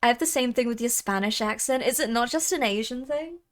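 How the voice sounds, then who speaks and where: A young woman of Thai heritage chatting casually on a livestream, talkative and quick to laugh. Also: on the high side. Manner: chatty, laughs often, trails off. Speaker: streamer.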